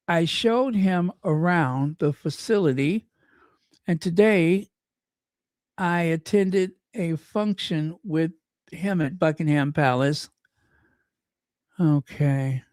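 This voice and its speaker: A man's voice: a little high, a little mellow, dry recording, studio quality. A man hosting a commentary channel, reading news aloud with chatty, sarcastic asides to his viewers. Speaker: royal commentary channel host.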